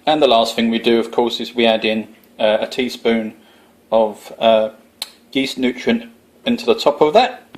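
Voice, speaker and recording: Essex man, homebrew vlogger, rambling chatty delivery, mid-pitched, casual to-camera talk. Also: steady tone, moderate pace. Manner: chatty, rambling, self-deprecating.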